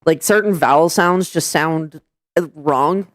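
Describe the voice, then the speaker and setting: Low-voiced chatty woman streamer. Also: measured pace, no echo. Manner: rambling, chatty, many fillers and restarts. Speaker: streamer hosting a voice chat. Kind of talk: casual live-stream chat.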